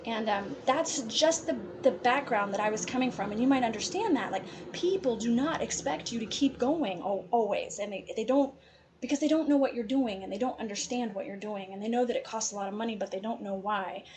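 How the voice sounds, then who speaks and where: A woman's voice: fairly high pitch, brisk, darkish tone. A woman from Appalachia with an Appalachian accent, giving chatty, encouraging advice to students in a presentation. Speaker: college advisor.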